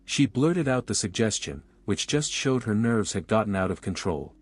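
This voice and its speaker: A man narrating a romance audiobook with smooth, even storytelling. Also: lowish voice, moderate pace, no room sound, soft background music.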